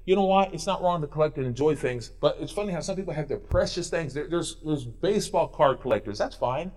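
A male pastor preaching a sermon in a church, swinging between loud urging and quiet intensity. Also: on the high side, animated, fairly quick, few pauses.

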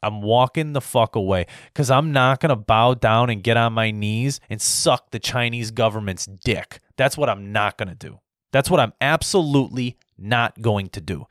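A man's voice: medium pitch, normal speed, fairly bright tone, no echo, clean studio sound. A man from the United States delivering an angry, profane political rant that keeps circling back on itself. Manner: profane, repetitive, heated.

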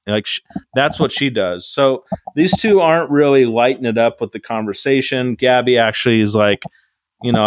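A man's voice: medium pitch, moderate pace, no echo. A man co-hosting a casual podcast, recapping a reality show with rambling, dry sarcastic asides into a close mic. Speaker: podcast co-host.

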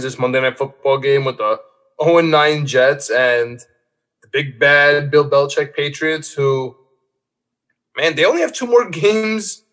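A man's voice: a little high, fairly bright tone. A man hosting a casual sports podcast. He rants in an exasperated way and fills his talk with "like.". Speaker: podcast host.

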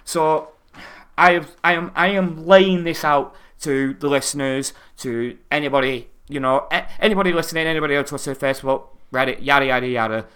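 A man's voice: fairly high pitch, brisk, a bit bright, clear, resonant tone. A man co-hosting a podcast, ranting casually and swearing a lot in exasperation. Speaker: podcast co-host.

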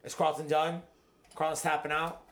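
A man's voice: on the high side, monotone, moderate pace, fairly bright tone. A man hosting a podcast, chatting in a rowdy, profane, joking way while drinking with friends. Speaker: podcast host. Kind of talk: rowdy casual chat.

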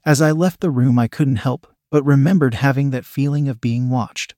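A man narrating a first-person adult audio story in a steady, even way. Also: mid-range voice, normal speed, hardly any pauses, no room sound, clean studio sound.

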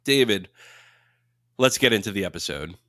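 A man co-hosting a casual podcast chat, knowledgeable and quick to explain and correct details. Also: fairly low pitch, animated, sharp tone, dry recording, studio quality. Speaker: podcast co-host.

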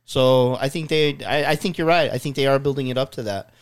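A man hosting a casual podcast with a smooth, resonant voice at a middling pitch. He talks in an easygoing way, full of likes and you-knows. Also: a little fast. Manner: laid-back, filler-heavy talk. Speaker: podcast host. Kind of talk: casual chat.

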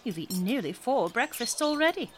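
An actress playing a fussy, condescending abbess who scolds a young nun. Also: female voice, a little high, big pitch swings, fairly quick, over music. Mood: prim.

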